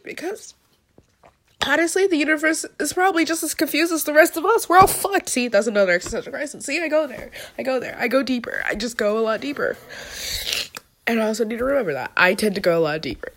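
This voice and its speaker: A young woman cries and sniffles while talking through a personal vlog from her bed at home, raw, rambling and swearing. Her voice is high, animated, fast and a bit bright.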